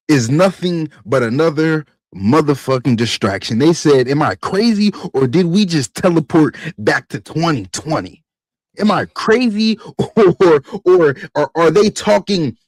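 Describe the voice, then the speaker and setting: A man hosting a podcast, ranting in a profane, animated way that climbs to near-shouting. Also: on the high side, no room sound. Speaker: podcast host.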